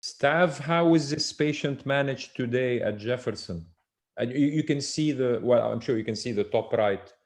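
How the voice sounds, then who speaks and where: A man moderating a medical panel, introducing speakers and handing over questions in a courteous, unhurried way. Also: mid-range voice.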